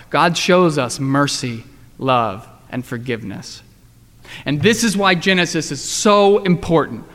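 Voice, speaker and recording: A man pastor giving a sermon, swinging between emphatic lines and hushed, slow emphasis. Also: on the high side. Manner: dynamic preaching, rising and dropping to quiet emphasis. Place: church. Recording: long reverb of a large room.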